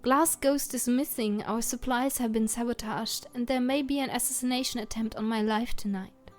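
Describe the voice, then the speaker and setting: A troubled, gentle older woman who rules a castle of elves, sounding worried, as a woman voices her from a text game. The voice is light and fairly high, read plainly. Faint music plays quietly underneath. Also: fairly even intonation, moderate pace, close to an everyday voice. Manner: read plainly, close to the reader's own voice.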